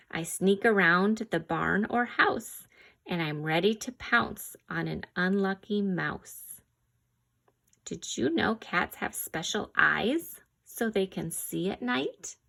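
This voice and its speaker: A woman reads a children's farm-animal picture book aloud at an unhurried pace. She pauses to quiz the listener and makes playful animal noises, and a slight gravelly fry runs through her voice. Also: mid-range voice. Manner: slow, gentle read-aloud with animal sounds and quiz questions. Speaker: reader.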